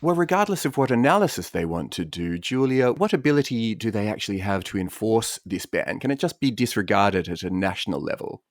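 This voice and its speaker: A man's voice: fairly low pitch, fairly quick, few pauses, no echo, clean studio sound. A man standing in as host of a news podcast, reading a scripted intro and then chatting casually with guests in an upbeat way. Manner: lively, upbeat delivery.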